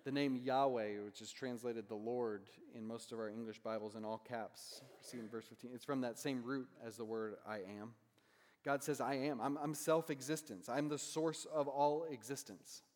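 A male pastor delivers a sermon in a relaxed, conversational manner, tagging his points with a questioning "right?" His voice sits in an ordinary middle register. A long reverb trails behind him, as if he is speaking in a large sanctuary. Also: mid-range voice, normal speed. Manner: conversational, asks "right?" often.

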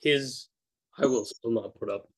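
A man's voice: medium pitch, measured pace, a bit bright, rough recording. A man co-hosting a casual chat over a video call, blunt and swearing as he rambles. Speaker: podcast co-host.

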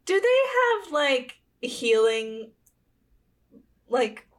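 Slow-talking high-voiced woman reacting. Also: sing-song. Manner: reacts in short incredulous remarks. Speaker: podcast co-host. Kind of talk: casual book chat.

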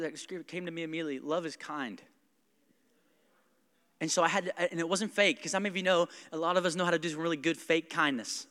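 Bright, animated young man preaching. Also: a little high, clean tone, big-room sound. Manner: conversational, animated preaching with asides to the congregation. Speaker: pastor. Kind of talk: sermon. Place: church sanctuary.

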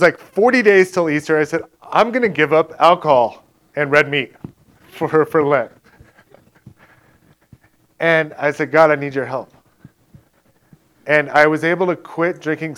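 A male preacher telling a personal story to his congregation in a casual, conversational way, laughing often. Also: fairly high pitch. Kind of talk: conversational sermon testimony.

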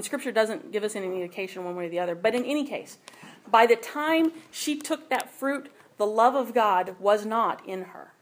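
A woman teaching a sermon in a conversational way, often checking in with her listeners. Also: medium pitch. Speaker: Bible teacher.

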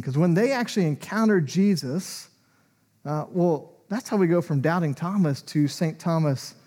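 Pastor, male, high voice, chatty sermon delivery, acts out quotes. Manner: conversational and animated, acting out quoted lines.

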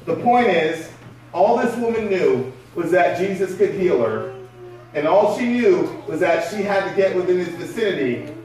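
A man preaching a sermon to his congregation in a conversational way, often asking rhetorical questions. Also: high voice. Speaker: pastor. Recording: echoey hall from far off.

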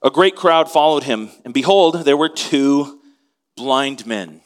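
A man's voice: mid-range voice, lively intonation, slow, clear, resonant tone. Male pastor, conversational sermon delivery, mid-range voice, asks questions. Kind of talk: expository sermon.

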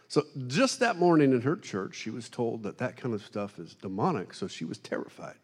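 A man preaching a sermon, telling funny stories in an animated, self-deprecating way to a congregation. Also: medium pitch, fairly quick, hardly any pauses, slightly rough. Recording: long hall reverb.

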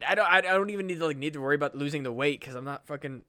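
A young man with a high voice co-hosts a comedy podcast. His tone is bright and forceful as he riffs, swears freely and laughs through loose, casual banter. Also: rapid-fire, clear, resonant tone. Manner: profane, laughing, riffing. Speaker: podcast co-host.

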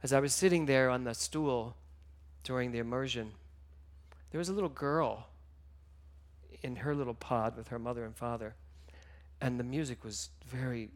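A man giving a sermon, telling stories with emotion, moving between hushed and loud passages. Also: mid-range voice, normal speed. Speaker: minister.

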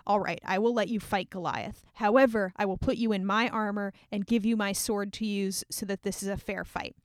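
A woman playing a cautious older king who talks down to a youngster in a condescending way. He is patronizing and measured, told in a relaxed storytelling voice. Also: mid-range voice, dry recording, close to an everyday voice. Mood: conceding.

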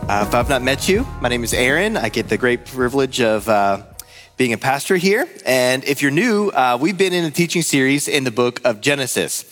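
A man's voice: medium pitch, moderate pace, soft background music. A man in his thirties, a pastor giving a conversational sermon to his church and telling stories. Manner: storytelling, lively and conversational. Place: church hall. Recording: long hall reverb.

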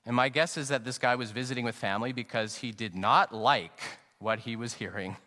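A middle-aged male pastor preaching an earnest, reflective sermon, slowing down to stress key phrases. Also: medium pitch, pushed and bright. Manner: earnest and reflective, anecdotal, slows down for emphasis. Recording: long reverb, sanctuary acoustics.

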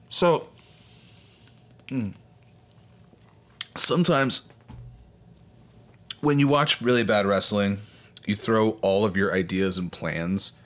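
Laid-back swearing podcast guy, low voice. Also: fairly bright tone. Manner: laid-back, swears freely, rambling asides. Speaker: podcast host. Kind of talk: casual solo podcast chat.

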